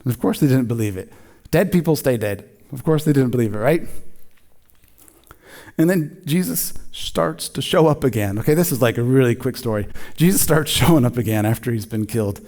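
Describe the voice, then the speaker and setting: A man preaching a sermon in a conversational, animated way, joking with the congregation. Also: mid-range voice, a little fast. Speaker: pastor.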